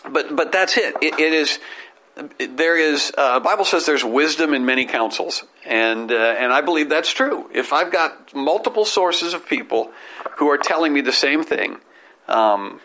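Bright-voiced rambling comedian man. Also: fairly high pitch, animated, low-quality recording. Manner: rambling storyteller, quick self-corrections. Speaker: comedian and podcast host. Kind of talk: casual family podcast chat.

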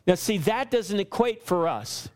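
In a lively, varied intonation, a pastor preaches to his church, his male voice pitched a touch high. Repeated, climbing phrases carry his argument, while scripture quotations come out slower, with weight on every word.

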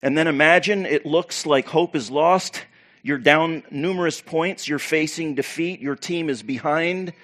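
A pastor preaching to his church, animated and preacherly, with loud bursts and quiet asides. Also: on the high side, unhurried. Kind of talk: sermon.

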